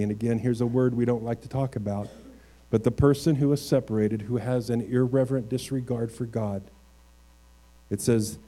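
Preaching with warmth at a medium pitch, this pastor reads from scripture at an unhurried pace. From there his points grow emphatic, rising into raised crescendos.

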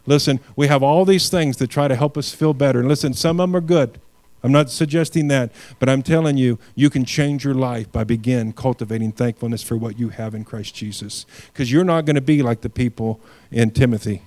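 A male pastor delivering a sermon at an ordinary pitch for a man. He presses hard on key lines, lets phrases sink low and soft, and repeats words when he restarts. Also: steady tone, a little fast. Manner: earnest preaching, swings from loud emphatic lines to quiet low endings.

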